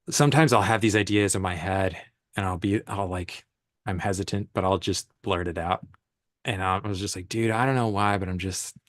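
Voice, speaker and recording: A man, a commercial photographer, casually telling animated stories with slang and laughs in a conversation. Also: fairly low pitch, no room sound, clean studio sound. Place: event space on stage.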